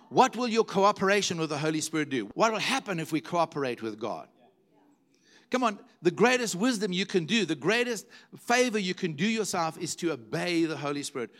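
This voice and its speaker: A man's voice: fairly high pitch, a bit bright. A middle-aged man preaching a sermon, telling stories animatedly and repeating words for emphasis. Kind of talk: sermon storytelling.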